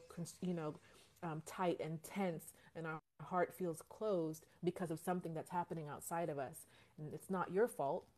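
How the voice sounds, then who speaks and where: A woman's voice: low-pitched, mellow. A woman in a live-stream conversation, speaking earnestly and reflectively about parenting, often repeating phrases as she searches for words.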